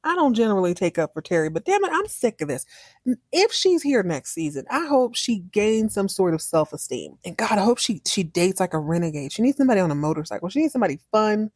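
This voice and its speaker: A woman hosts a podcast, recapping a TV series in a sassy, animated, folksy way with wry asides. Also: medium pitch, quick pace, no room sound, studio quality. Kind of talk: casual recap monologue.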